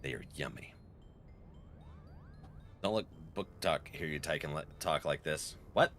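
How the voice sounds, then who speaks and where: A man's voice: extremely low pitch, a little slow, fairly bright tone, slight background noise. A young man streaming a game, chatting casually with viewers and laughing often. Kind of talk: casual live-stream chat.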